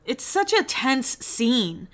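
A woman with a bright, forward voice that sits a bit high, chatting through a gossipy recap. She slips into little put-on voices for quoted lines and swears casually. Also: sing-song, slow. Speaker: podcast host recapping a reality show.

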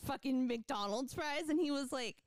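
High-voiced young woman telling a story. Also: normal speed, dry recording. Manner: animated storyteller, swears a lot, laughs often. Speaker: podcast co-host. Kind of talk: casual chat.

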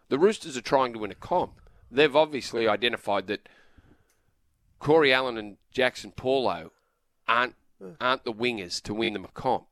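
Measured Australian sports radio co-host. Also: male voice, mid-range voice, expressive, fairly bright tone, no room sound. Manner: measured, reasoning, reads ad copy.

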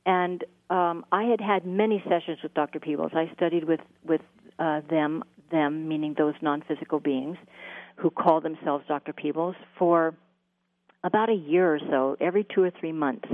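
Woman guest on a call, lowish voice, lots of ums and restarts, tinny phone sound. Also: steady tone, no room sound. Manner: halting, many fillers and restarts. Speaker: guest, spiritual channeler. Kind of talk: storytelling interview answers. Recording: phone-like line with a dry sound.

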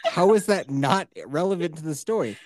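This podcast co-host, a man in his thirties, laughs often and curses freely as he spins a crude tale, doing impressions of the people in it. He speaks at a moderate pace in a fairly high, slightly mellow voice with lively intonation.

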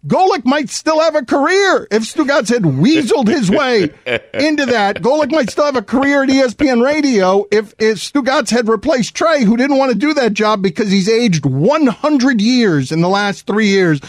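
A man's voice: very high voice, lively intonation, normal speed, dry recording, clean studio sound. A man hosting a sports radio show, teasing his co-hosts in comic banter. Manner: mocking, theatrical teasing.

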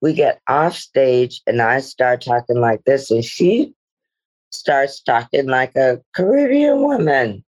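Slow, reflective middle-aged woman. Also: rumbling low, very animated, a little mellow, rough recording. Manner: reflective, meandering, many "you know" asides. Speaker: guest actress. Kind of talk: conversational podcast interview.

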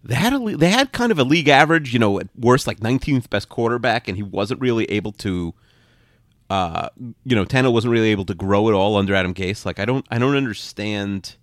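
A man co-hosting a casual sports podcast, talking in rapid, rambling, opinionated bursts full of "like". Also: lowish voice, expressive, dry recording, clean studio sound. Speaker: podcast co-host.

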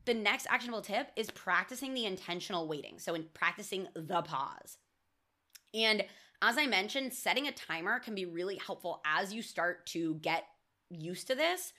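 Solo podcast host, young adult woman, bright tone, casual and unfiltered delivery. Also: mid-range voice, expressive, moderate pace. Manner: casual, candid, curses freely, says "like" often. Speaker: podcast host, mindful eating coach.

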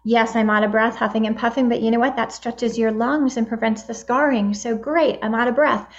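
A woman's voice: a little high, steady tone, a little fast. A woman around sixty, a guest on the show, talking in an upbeat, motivational way. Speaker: guest, midlife empowerment advocate. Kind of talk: interview answers. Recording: dull lo-fi sound.

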